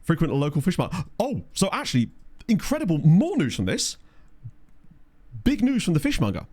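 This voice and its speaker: A man's voice: fairly high pitch, wildly swooping pitch, brisk, darkish tone. A man with a chatty, jokey manner, live-streaming a management game and reading out stats while talking to chat.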